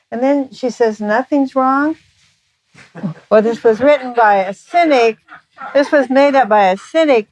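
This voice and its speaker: A woman's voice: medium pitch, no room sound, low-quality recording. A middle-aged woman giving a candid, confessional talk about her marriage, acting out the dialogue as she tells it. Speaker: speaker on relationships. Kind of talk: personal storytelling talk.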